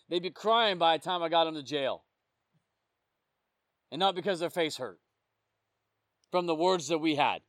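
High-voiced man preaching conversationally. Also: fairly bright tone, dry recording. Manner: conversational storytelling, often checking in with the listeners. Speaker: police officer sharing testimony. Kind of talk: informal sermon.

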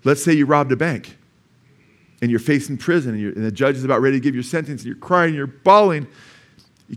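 A man's voice: mid-range voice, brisk, fairly bright tone. Male pastor, American accent, casual storytelling sermon, acts out quoted voices. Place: church sanctuary.

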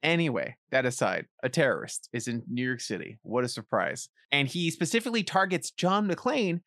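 Expressive podcast co-host, lively pitch. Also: no echo, clean studio sound. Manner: expressive, laughs easily, quick asides. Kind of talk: casual movie podcast chat.

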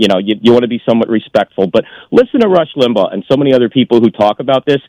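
A man's voice: medium pitch, darkish tone, no echo, low-quality recording. A man calling in to a radio show, talking indignantly and stammering with frequent restarts. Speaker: caller. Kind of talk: call-in radio talk.

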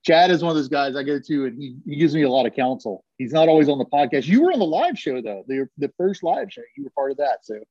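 A man's voice: on the high side, very animated, quick pace, hardly any pauses, warm tone, dry recording. Guy hosting a call-in podcast, ribbing callers, dry muffled zoom audio. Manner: joking, teasing banter with callers. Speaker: podcast host. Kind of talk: casual live call-in chat. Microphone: video call.

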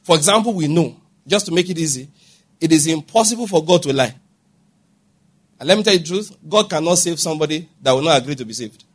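Male pastor, higher voice with some rasp, emphatic sermon delivery that questions the listeners. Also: lively intonation, fast talker. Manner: emphatic, asks the congregation questions often.

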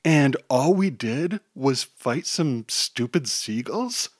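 A man's voice: mid-range voice, lively intonation, slow, breathy edge, dry recording. A grumbling teenage sidekick hero whines his complaints in a slightly raised voice as a man acts him out. The sound is dry and close to the mic.

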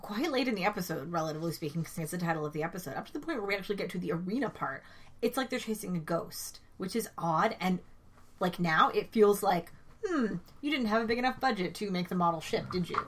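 A woman's voice: on the low side, animated, quick pace. Dry, wry woman cohost. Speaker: podcast co-host. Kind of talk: casual chat recapping an episode.

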